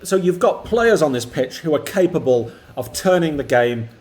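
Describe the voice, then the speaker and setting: A middle-aged man, the host's father, chatting about football in a measured way. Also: on the high side, animated, darkish tone. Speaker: co-host, the streamer's father. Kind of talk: casual football chat.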